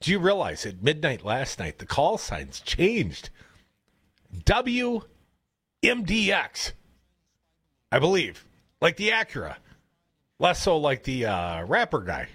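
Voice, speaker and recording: A man with a Wisconsin accent hosting a radio show, telling rambling stories in a casual, animated way. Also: mid-range voice, unhurried, slightly rough, no echo. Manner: chatty, rambling storyteller, animated. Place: radio studio. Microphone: studio broadcast mic.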